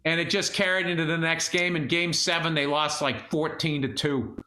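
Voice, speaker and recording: A high-voiced man with a bright, forceful edge, swearing freely as he tells stories in casual podcast chat. His voice bounces around a roomy, echoey studio. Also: normal speed. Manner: profane, animated storytelling. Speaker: podcast co-host.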